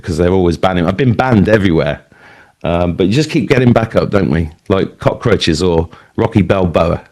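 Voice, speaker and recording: A man's voice: deep voice, darkish tone. An English man in his fifties telling his life story to a live audience, rambling and conversational, with plenty of fillers and asides. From England. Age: 50s. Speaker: speaker at an event. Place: talk before a live audience.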